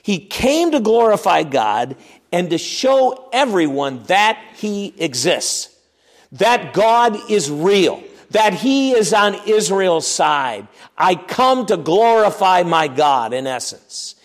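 A man preaching a verse-by-verse sermon, reading scripture aloud with emphatic, dramatic swings from loud to hushed. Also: high voice, very animated, slow pace, big-room sound. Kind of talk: expository sermon.

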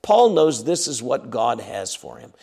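A man's voice: mid-range voice, big pitch swings, measured pace, vocal fry, warm tone, breathy edge. A man preaching an expository sermon, emphatic and often repeating his words as he acts out the scripture scenes.

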